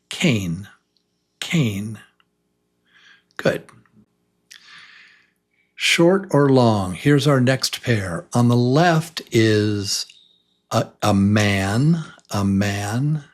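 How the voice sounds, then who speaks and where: Patient guy teaching english sounds super slowly, drags out vowels and repeats stuff. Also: medium pitch. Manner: very slow, drawn-out vowel demonstrations and repetition; patient, simple questions to learners. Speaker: ESL teacher. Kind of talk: slow beginner pronunciation lesson.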